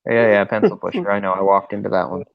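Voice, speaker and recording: A man's voice: fairly low pitch, fairly even intonation, fast talker, creaky, highs cut off. A man co-hosting a casual late-night movie commentary, chatty and opinionated. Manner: chatty, mimics characters in quotes. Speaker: commentary co-host.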